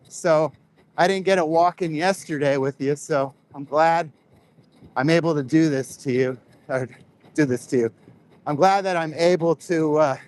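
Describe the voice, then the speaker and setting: Man, fairly high voice, casual walking vlog, rambling, outdoors, close mic. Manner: chatty, rambling, addresses viewers directly. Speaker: vlogger. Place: outdoors on a walk. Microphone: clip-on microphone close to face.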